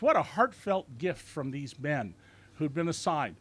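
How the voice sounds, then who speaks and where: A man in his sixties lectures an audience in a bookstore, his voice sitting high for a man. He tells his stories with a sardonic bite and mimics the people he quotes to mock them. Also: unhurried, slightly rough. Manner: lively, sardonic storytelling with mocking quoted voices. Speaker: author giving a bookstore talk. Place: bookstore event room.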